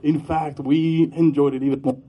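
Husky man giving a memorial speech. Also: on the high side, level tone, lo-fi sound. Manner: halting, with fillers and soft laughs. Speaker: memorial speaker, boyfriend. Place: Iowa.

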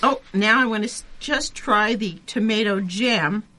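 A woman's voice: mid-range voice, unhurried, pushed and bright. A woman co-hosting a radio food show, bubbly and exclamatory, chatting while tasting food. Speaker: radio co-host. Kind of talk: casual food talk on radio. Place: radio studio.

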